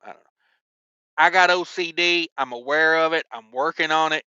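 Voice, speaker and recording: Chatty bright-voiced trucker. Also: male voice, a little high, normal speed, clean tone, no echo, highs cut off. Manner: chatty, joking, lots of ums and asides. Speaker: owner-operator trucker. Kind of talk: casual vlog storytelling.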